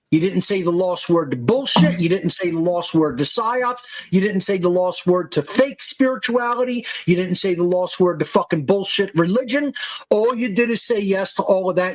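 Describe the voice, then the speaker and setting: A man's voice: high voice, low-quality recording. A male podcast host delivering an angry monologue, profane, combative and berating his listeners.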